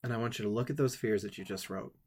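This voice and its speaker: A man telling a personal story with many halting restarts, tearful at times, then guiding listeners through a writing exercise. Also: on the low side, a little mellow, husky. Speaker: writing workshop leader.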